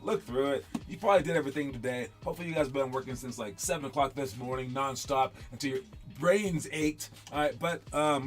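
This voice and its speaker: Speaking at a medium pitch, a male basketball coach offers casual motivation, drifting from point to point and repeating himself while playing out others' lines.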